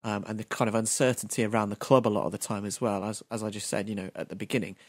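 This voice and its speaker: A man's voice: fairly low pitch, level tone, fast, no echo. A man co-hosting a casual football podcast, thoughtful and analytical as he talks through the matches. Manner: thoughtful, analytical, laughs along. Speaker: podcast co-host.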